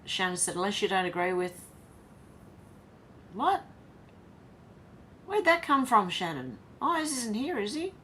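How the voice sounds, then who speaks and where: With a sing-song lilt, this Australian host speaks a little slowly in a mid-range, fairly bright voice and pauses often. She's reading viewer comments aloud and chatting back on a casual livestream, with slight background noise.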